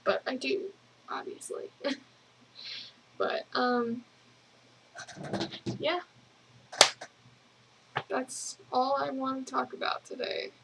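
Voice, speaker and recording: A young woman rambling casually in a video journal, giggling often and filling pauses with ums. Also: high-pitched, little pitch movement, gravelly, very noisy. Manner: rambling, giggly, lots of fillers. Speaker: vlogger.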